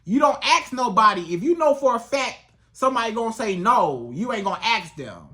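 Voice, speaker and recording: A relationship coach speaks straight to the viewer in a casual advice vlog. The voice is bright and clear, and the delivery is animated and colloquial. The coach often slips into acting out both sides of a conversation. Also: mid-range voice, brisk. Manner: animated, colloquial, acts out dialogues.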